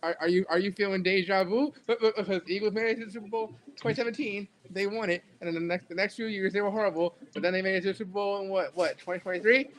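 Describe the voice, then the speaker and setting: High-voiced man stammering through sports talk. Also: fairly even intonation, quick pace, hardly any pauses, slight background noise. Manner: laughing, teasing, stammering restarts. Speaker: podcast co-host. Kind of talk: casual sports chat.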